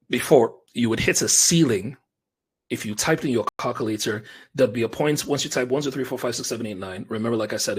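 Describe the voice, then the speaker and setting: A man, hosting a live business webinar as a coach, talking straight to viewers in an energetic, casual way. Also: on the low side, husky. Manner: energetic, conversational, talks directly to viewers with slang like bro and fam.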